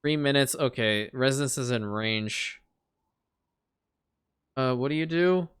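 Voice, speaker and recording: A man narrates his strategy game in a casual let's-play style, his voice bright and ringing. He mutters along as he plays and talks straight to the game. Now and then he blows up into loud, exasperated rants. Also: medium pitch. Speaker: gameplay commentator.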